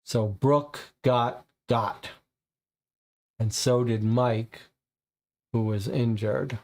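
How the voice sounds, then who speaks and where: A man's voice: medium pitch, fairly even intonation, extremely slow, darkish tone. A man playing a game and thinking aloud as he takes notes. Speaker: game player. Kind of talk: casual game commentary.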